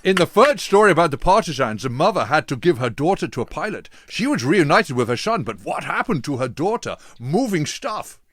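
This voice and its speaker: A mock-seductive Dutch man who lingers over every word, as a podcast host puts him on. The delivery is slow and drawn out, and the sound is dry and close. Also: a little high, very animated, no room sound. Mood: mock-sultry. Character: male Dutch listener, put-on sexy voice.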